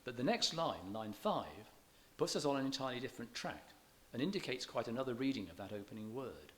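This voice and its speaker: A man's medium-pitched voice, very animated and a bit bright, carries a scholarly public lecture on poetry in a church hall. He keeps a measured pace, slows to recite verse with stressed beats, and occasionally restarts his words.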